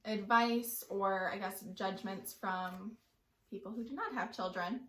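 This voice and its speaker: A young woman in casual chat, telling stories in an animated way. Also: medium pitch, unhurried, reverberant, slight background noise. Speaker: co-host.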